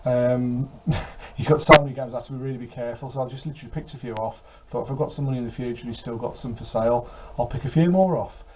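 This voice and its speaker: A man's voice: mid-range voice, very fast, few pauses, darkish tone, a little hiss or hum, low-quality recording. A tired man chatting casually about his game collection, rambling with many fillers. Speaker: retro game collector vlogger. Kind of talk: casual chat.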